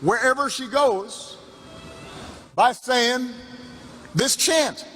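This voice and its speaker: A man's voice: very high voice, very slow, pushed and bright. A middle-aged man telling a story in a campaign speech, repeating phrases for emphasis and restarting his sentences. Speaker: political speaker. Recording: reverberant hall with background noise.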